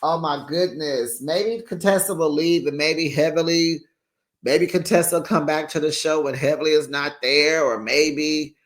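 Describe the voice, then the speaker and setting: A woman's voice: deep voice, steady tone, normal speed. A woman hosting a casual recap show, chatty and sassy, laughing often and acting out quotes. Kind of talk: casual reality-TV recap chat.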